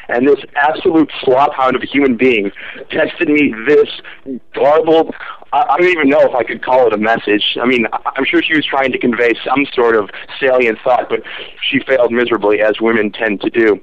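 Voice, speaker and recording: A man's voice: medium pitch, fairly quick, slight background noise. Crude boastful man on muffled voicemail. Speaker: voicemail caller. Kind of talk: bragging voicemail rant.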